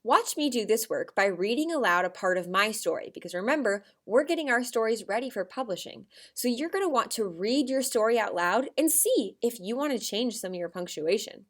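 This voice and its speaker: An expressive woman teacher talks young children through a lesson. Her voice is a touch high and swoops widely as she acts out examples for the class. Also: brisk, few pauses. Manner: animated, expressive, acts out examples with big voice shifts.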